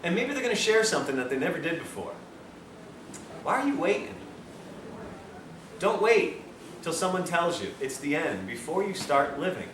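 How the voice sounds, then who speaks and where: Male health lecturer, animated storyteller, recorded on a far mic with faint hiss. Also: a little high, normal speed, pauses often, echoey room. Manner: animated, self-mocking storyteller. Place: lecture room with audience.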